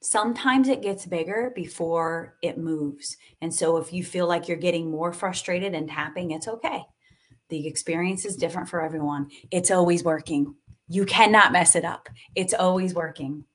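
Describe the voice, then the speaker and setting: A woman guiding a live tapping and meditation session, speaking slowly and soothingly and sighing between cues. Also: fairly low pitch.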